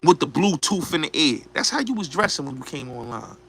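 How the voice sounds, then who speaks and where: A man's voice: on the high side, big pitch swings, a little fast, pushed and bright, husky. A man hosting a show, delivering a blunt, profane, repetitive ranting commentary. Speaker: show host.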